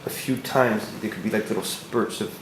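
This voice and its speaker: A man's voice: lowish voice, moderate pace. A man acting student giving classmate feedback, hesitant and searching for words. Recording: roomy echo, faint noise.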